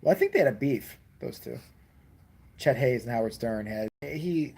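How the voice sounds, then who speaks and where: A man's voice: mid-range voice, animated, moderate pace, creaky, background noise. A man from Chicago in a profane, ranting comedic chat, full of slang. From Chicago, USA.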